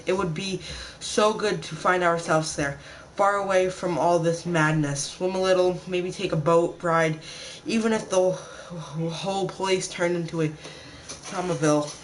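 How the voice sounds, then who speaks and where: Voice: mid-range voice, slight background noise, poor audio. A gamer doing casual let's-play commentary, chatting to viewers and reading game text aloud. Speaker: gamer playing a survival game.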